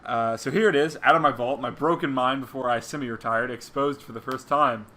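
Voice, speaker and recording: A man's voice: medium pitch, fairly quick, pushed and bright. A man co-hosting a casual commentary stream, reading comic captions in a wry, exasperated way. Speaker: co-host reading comics aloud.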